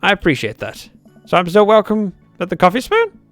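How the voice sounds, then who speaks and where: A shy, gentle grown man who fumbles for the right words, as a man puts him on while playing. The voice sits lower than its usual talk and stays halting. Faint music plays behind. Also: wildly swooping pitch, heavily acted. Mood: awkward. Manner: halting, stumbling over words. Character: hesitant adult man, awkward gentle friend.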